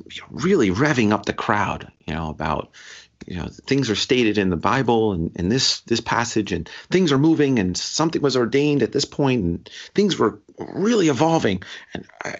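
A man with a fairly low voice tells a personal story in casual conversation. He stumbles, restarts and laughs as he goes. The recording sounds dull and lo-fi. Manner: halting, many restarts, laughs while telling. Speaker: guest sharing a story.

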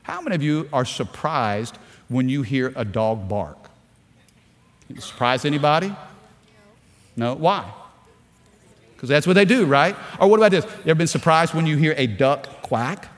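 Preaching man, high voice, echoing hall. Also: moderate pace, long pauses. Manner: animated preaching, calls for audience response, rising to shouts. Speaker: pastor. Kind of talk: sermon. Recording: large hall with long reverb.

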